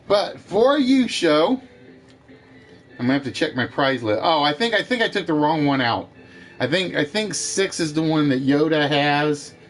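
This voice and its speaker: A man with a higher-pitched, expressive voice hosts an online game show, talking at normal speed. He chats casually with viewers in a live-stream style, rambling and often correcting himself as he addresses the chat.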